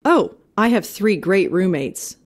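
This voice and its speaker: A woman's voice: medium pitch, expressive, measured pace, no echo. Snappy sarcastic young woman; dry, close recording. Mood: wry. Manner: sarcastic, curt.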